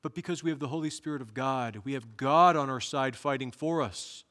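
A man's voice: medium pitch, a little fast, a bit bright, big-room sound. A male pastor preaching a sermon in an earnest manner, rising to emphatic bursts.

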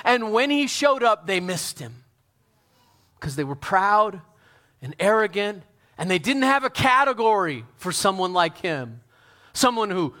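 A pastor preaching a sermon, talking straight to his congregation, swinging from loud fervent peaks to soft hushed lines. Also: sits high. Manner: talks straight to the congregation with questions.

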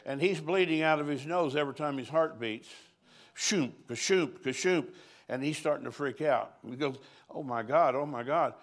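A man's voice: fairly high pitch, a little fast. An older man, a pastor, preaching at a conference in a folksy, storytelling way, chuckling between lines.

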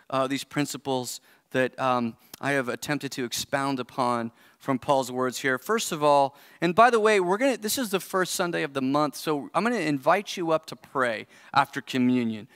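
A man's voice: on the high side, normal speed, fairly bright tone, clear, resonant tone, no echo, studio quality. Earnest pastor, a man in his forties. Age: 40s. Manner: earnest, conversational, thinking aloud. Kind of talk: sermon. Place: church service.

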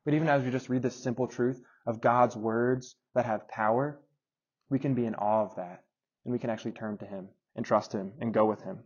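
A man's voice: medium pitch, a little fast, slightly rough, lo-fi sound. A man giving a casual, story-driven sermon, addressing his audience directly and acting out his own phone calls. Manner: storytelling, animated and conversational, talks to audience members.

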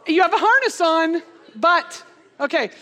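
A woman in her forties telling a funny personal story in a sermon, animated and laughing as she goes. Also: very high voice, measured pace. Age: 40s. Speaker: speaker. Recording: long hall reverb.

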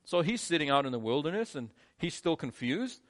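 A male pastor preaching a sermon, shifting between quiet, low lines and emphatic, rising ones. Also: sing-song, fairly quick.

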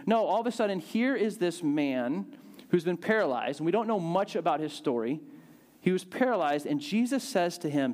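A man preaching a sermon, telling a Bible story in a lively way and acting out the quotes with big swings in his voice. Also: high-pitched, normal speed. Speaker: pastor.

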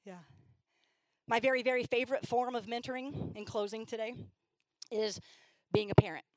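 A middle-aged woman gives a sermon full of stories, her voice set a little high. The sound is dry and close to the mic. She slips into the voices of the girls she talks about, making them livelier. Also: moderate pace, no echo, poor audio. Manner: animated storyteller, acts out girls' voices. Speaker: church speaker. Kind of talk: sermon storytelling.

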